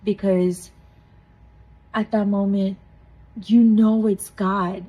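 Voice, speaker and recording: A woman with a husky, breathy voice tells a personal story in an earnest and heartfelt way, laughing softly now and then. She speaks at an ordinary middle pitch, like a co-host of a small faith podcast sharing her testimony. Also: little pitch movement, slow pace, phone-quality sound. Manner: earnest, emotional retelling with soft laughs.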